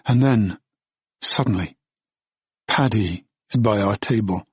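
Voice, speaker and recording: A man's voice: on the low side, slow, long pauses, slightly rough, no room sound, highs cut off. A man narrating an audiobook in the first person, in a brooding, bitter tone.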